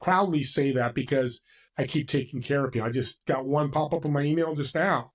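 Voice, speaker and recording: A man's voice: medium pitch, a little fast. A man, a podcast guest, chatting casually and telling stories with acted-out voices. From California. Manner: animated storyteller, acts out voices. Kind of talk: casual conversation.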